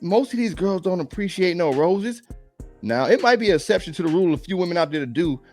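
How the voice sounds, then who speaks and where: A man's voice: a little high, darkish tone. A man giving casual reaction commentary on dating, blunt and preachy, full of slang.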